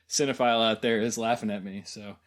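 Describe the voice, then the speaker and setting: A man co-hosts a film podcast, talking in a relaxed, casual way. His humor is wry and deadpan. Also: lowish voice, fairly quick. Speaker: podcast co-host. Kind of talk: casual chat.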